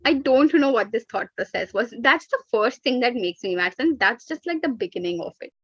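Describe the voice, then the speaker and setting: A woman's voice: on the high side, lively intonation, a little fast, husky, dry recording. A woman co-hosting a casual podcast, ranting animatedly and dropping into Hindi asides. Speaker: podcast co-host. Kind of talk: casual chat. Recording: dull, lo-fi dry recording.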